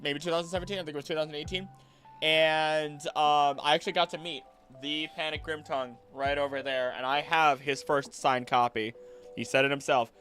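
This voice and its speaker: A man's voice: on the high side, a little fast, faint music behind. Rambling young man streaming. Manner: rambling, excitable, jumps between topics and restarts often. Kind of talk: casual stream chat. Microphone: desk mic.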